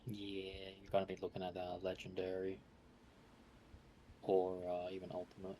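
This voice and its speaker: A man's voice: deep voice, monotone, normal speed, warm tone. Laid-back man streamer with a noisy mic. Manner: laid-back, joking, laughs often. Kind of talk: casual gameplay chat.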